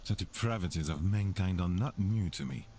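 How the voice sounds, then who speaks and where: An actor playing a grave, reserved gentleman in a game, speaking with a French accent in a measured way. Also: sits low, slight background noise. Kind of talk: game voice acting.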